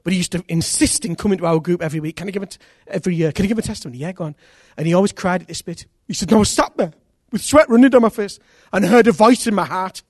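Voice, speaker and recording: A man's voice: sits high, husky, dry recording, studio quality. A man preaching a sermon, telling conversion stories and acting out the people in them with repeated phrases. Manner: animated, acts out quoted voices, repeats phrases. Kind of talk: sermon storytelling.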